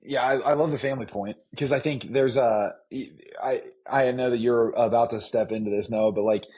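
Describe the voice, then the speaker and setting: A man in his thirties co-hosts a casual podcast. He has a husky, mid-pitched voice and muses reflectively, stammering a little at the start of his thoughts. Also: fairly even intonation, moderate pace, darkish tone. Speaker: podcast co-host. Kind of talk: casual chat.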